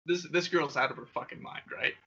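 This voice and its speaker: A young man hosting a podcast, telling wild stories in a casual, profane, animated way with frequent laughter. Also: fairly high pitch, a little fast, creaky, slightly rough. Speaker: podcast host. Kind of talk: casual storytelling. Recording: dull lo-fi sound.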